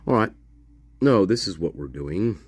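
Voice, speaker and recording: A man's voice: low voice, lively intonation, unhurried, breathy edge. A man from the Mississippi Delta streaming live, chatting casually in a rambling, profane way that keeps correcting itself.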